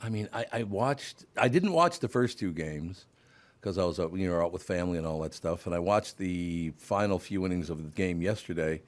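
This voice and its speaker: A man's voice: deep voice, normal speed. An older man hosting a radio talk show, reading ads and trading teasing banter about sports. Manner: joking, teasing. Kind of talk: casual sports chat and live-read ads.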